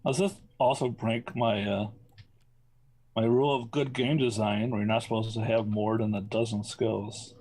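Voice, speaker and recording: A man's voice: fairly low pitch, level tone, normal speed, a little mellow, low-quality recording. Game master, male, wry and playful, explains rules between quips. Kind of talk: running a tabletop game.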